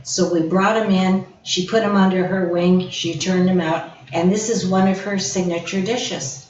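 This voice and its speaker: A woman's voice: lowish voice, fairly even intonation, normal speed, darkish tone. A woman hosting a casual cooking show, introducing guests with effusive praise. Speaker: host. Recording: roomy, distant, dull, faint hiss.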